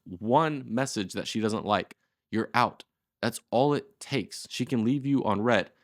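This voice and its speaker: A man's voice: medium pitch, no echo, studio quality. A man in his twenties teaching a casual tutorial, talking in a loose, slangy and blunt way. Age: 20s. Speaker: course host.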